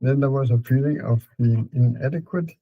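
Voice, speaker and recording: A man with a Danish accent calmly guiding a client through a therapy session, repeating prompts slowly. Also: mid-range voice, no echo, phone-quality sound. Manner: calm, repetitive prompting with fillers.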